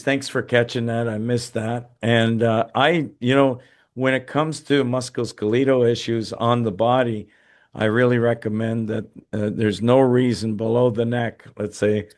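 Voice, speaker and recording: Tired man hosting a webinar. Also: medium pitch. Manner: halting, many fillers and restarts. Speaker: host. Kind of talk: webinar talk and Q&A.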